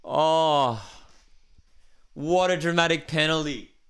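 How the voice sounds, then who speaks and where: An excitable man, hosting a live watchalong stream and reading viewer comments aloud. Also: a little high, slow pace, clean tone. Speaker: livestream host.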